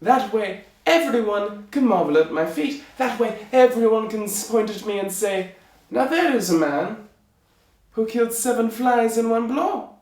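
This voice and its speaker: A man voicing a vain, excitable little tailor in a high, strange put-on accent, for a storybook reading. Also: takes it slowly, long pauses, exaggerated voice. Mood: self-satisfied. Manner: squeaky, exclaiming, self-satisfied. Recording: echoey room.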